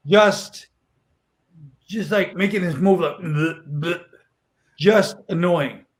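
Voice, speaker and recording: Brief: deadpan New man, fairly high voice, casual dark stories. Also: slow pace. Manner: deadpan, dark storytelling with acted quotes. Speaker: comedian guest. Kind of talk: casual storytelling.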